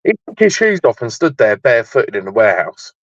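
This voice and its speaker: A man's voice: mid-range voice, very animated, fairly quick. A man calling into a live stream from his warehouse workplace, telling stories in a laid-back way. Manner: laid-back, storytelling, says mate a lot. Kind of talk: casual chat. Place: at work in a warehouse. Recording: dull dry lo-fi call audio.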